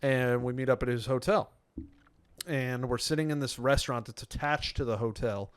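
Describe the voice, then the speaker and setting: A man's voice: mid-range voice, moderate pace, smooth, no echo. A man co-hosting a podcast in casual chat, telling stories with frequent laughs and acting out quotes. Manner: laughing storyteller, acts out quotes. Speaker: podcast co-host.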